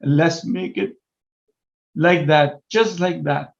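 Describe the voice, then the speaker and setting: An older man pleads his case with rising passion, pressing rhetorical questions as he speaks. His voice sits a little high for a man. The audio comes through dull and muffled, like a remote call. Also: steady tone, slow, vocal fry. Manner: impassioned, emphatic, rhetorical questions. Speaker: guest, disability housing advocate. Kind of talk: panel discussion.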